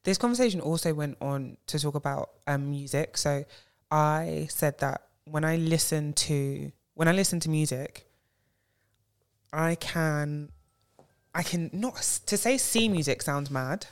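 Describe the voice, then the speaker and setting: This podcast co-host is a woman with a low voice who talks a little slowly during a casual chat. She gropes for words and leans heavily on "like" as a filler.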